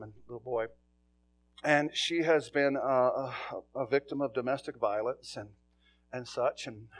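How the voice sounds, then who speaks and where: A man preaching a sermon, telling stories in a folksy, plain-spoken way and swinging from quiet asides to loud calls. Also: fairly high pitch. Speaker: pastor.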